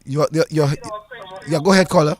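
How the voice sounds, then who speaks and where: A man hosting a radio call-in show, taking callers and asking questions with halting restarts. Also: fairly high pitch, steady tone. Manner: halting, repeats words as he starts questions.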